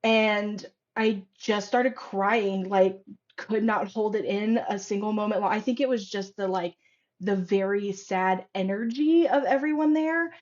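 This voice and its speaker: A woman's voice: medium pitch, a little slow. A woman guest on a podcast tells her stories with animation, scattering fillers as she speaks. Her voice sits in a middle range, and the recording sounds slightly dull and lo-fi. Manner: animated storytelling, frequent fillers. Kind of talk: casual conversational interview.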